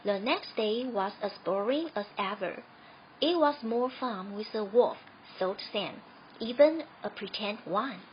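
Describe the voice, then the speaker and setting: Slow gentle woman reading a story. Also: medium pitch, expressive, dull audio, slight background noise. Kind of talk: reading a children's story aloud.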